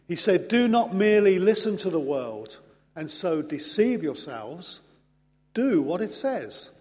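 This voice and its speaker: A man preaching a sermon in an earnest, measured way, pausing slowly for emphasis. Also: high voice, big pitch swings, a little mellow. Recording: long hall reverb.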